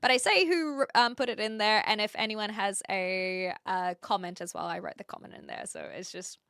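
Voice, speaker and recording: A young woman is livestreaming, reading her chat and reacting aloud as she rambles casually with plenty of filler words. Her mid-range voice is clear and resonant with a fairly bright tone, moving at a moderate pace. The recording is studio quality with no room sound.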